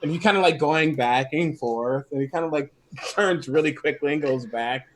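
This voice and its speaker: A man's voice: a little high, normal speed, a bit bright, a little hiss or hum. A man playing a tabletop role-playing game, casually describing his character with lots of fillers. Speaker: player.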